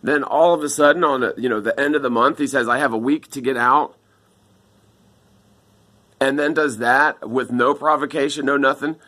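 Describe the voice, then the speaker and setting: A man with a drawl talks straight into his phone camera. His voice is bright and forceful. He rambles, upset, and scatters "man" and "dude" through his speech. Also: medium pitch, steady tone, normal speed. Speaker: vlogger asking viewers for help. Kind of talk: casual video monologue.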